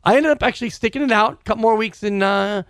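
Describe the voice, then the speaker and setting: A man's voice: sits high, fast talker, fairly bright tone, clean tone, no echo, clean studio sound. A man co-hosting a podcast, easygoing in casual chat and laughing along. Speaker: podcast co-host.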